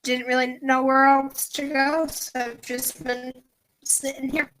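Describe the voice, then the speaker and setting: High-voiced woman playing at a tabletop game. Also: little pitch movement, unhurried, a bit bright, poor audio. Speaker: player. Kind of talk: casual tabletop game chat.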